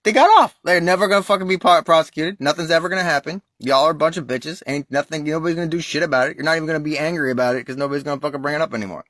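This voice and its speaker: An American man rants at length, hot and swearing constantly, with a raised voice that sounds bright and forceful. The sound is dry and close, with no room echo. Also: a little high, rapid-fire, hardly any pauses. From United States. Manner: profane, heated, emphatic ranting. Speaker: vlogger. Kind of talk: ranting monologue.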